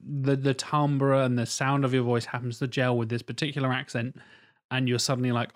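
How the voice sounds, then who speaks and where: A man's voice: medium pitch, little pitch movement, moderate pace. A man chatting casually on a podcast, rambling and swearing while acting out quotes.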